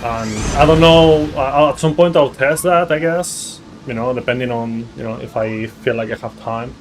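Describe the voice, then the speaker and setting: A man's voice: medium pitch, steady tone, moderate pace, background noise. A man streaming a video game, chatting casually in a rambling way with many fillers and casual swearing. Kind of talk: casual live-stream chat while playing. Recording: game music behind voice.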